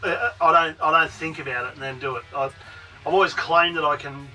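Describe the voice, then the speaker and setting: A man's voice: a little high, a little fast, bright, forceful tone, recorded from a distance, soft background music, low-quality recording. A man hosting a casual podcast chat, laughing and rambling with restarts. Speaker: podcast host.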